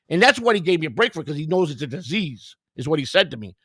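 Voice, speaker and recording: An older man with a fairly high-pitched voice tells his story in a blunt, profane, rambling way. He keeps restarting sentences and acts out the other people in the conversation. The sound is dry and close, with no room echo. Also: sing-song, very fast, a bit bright. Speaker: guest.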